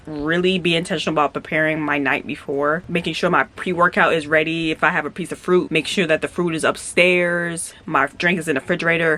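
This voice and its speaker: A woman vlogger talking casually to camera in a chatty, relaxed way with plenty of "like" fillers. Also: on the low side. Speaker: lifestyle vlogger. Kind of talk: casual vlog chat.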